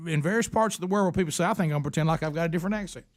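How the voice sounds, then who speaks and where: A man's voice: fairly high pitch, rapid-fire, dry recording, studio quality. A man hosting a radio talk show, teasing and joking with guests and callers. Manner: teasing, puts on silly voices.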